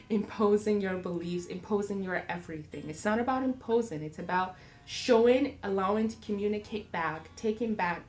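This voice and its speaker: Animated woman chatting over soft music. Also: mid-range voice. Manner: animated, laughing often, acting out voices. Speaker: parenting vlogger. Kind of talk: casual reflective talk. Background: faint acoustic music.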